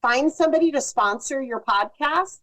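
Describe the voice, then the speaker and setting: A woman's voice: high-pitched, lively intonation, normal speed, a bit bright, rough recording. A woman, a podcast guest, giving thoughtful advice in casual conversation. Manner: thoughtful, restarts sentences.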